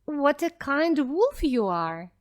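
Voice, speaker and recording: A woman's voice: sits high, very animated, slow, voice pushed up, full character voice. A woman voicing a cheerful, polite little girl in a storybook. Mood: bright.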